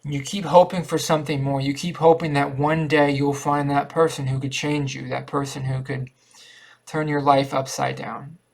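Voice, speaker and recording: Earnest man with a flat, gravelly voice. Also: mid-range voice. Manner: repetitive, earnest, halting with restarts. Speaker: vlogger. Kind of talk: rambling personal monologue.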